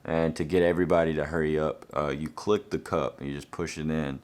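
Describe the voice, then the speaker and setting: A man's voice: extremely low pitch, steady tone, a little fast, darkish tone. A young man, reading out fan questions and answering them in an easygoing, laid-back way.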